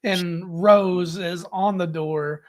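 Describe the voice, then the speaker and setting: High-voiced man, relaxed podcast chat. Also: takes it slowly. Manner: relaxed, reads chat comments aloud. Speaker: podcast co-host. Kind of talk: casual chat.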